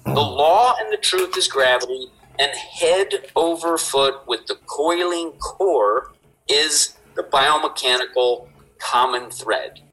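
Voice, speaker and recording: A man with a slightly high voice is a guest on a podcast, a fitness inventor explaining movement. He speaks slowly but with animated emphasis, swearing and repeatedly tacking on "right?", and the audio quality is poor.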